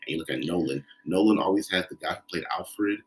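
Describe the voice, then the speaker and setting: A young man, a film director talking casually in a relaxed, rambling way. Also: sits low, a little fast. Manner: relaxed, rambling with many fillers. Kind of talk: casual conversation.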